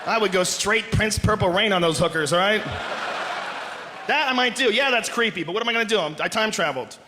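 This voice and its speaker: A man doing a profane, animated stand-up comedy set, often shouting and acting out voices on a large live stage. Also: high voice, brisk, noisy background. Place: large live venue with audience. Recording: live stage recording with long hall reverb.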